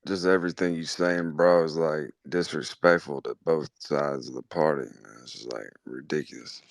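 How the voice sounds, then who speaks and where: A man's voice: a bass voice, moderate pace, vocal fry, no echo. A male caller from Detroit, challenging the host in a hesitant, mumbling way.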